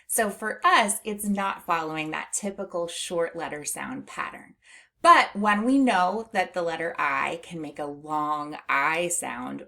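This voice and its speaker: A middle-aged woman teaching a phonics lesson to young children, patient and encouraging, stretching words out slowly and laughing lightly between steps. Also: on the low side, gravelly, fairly bright tone.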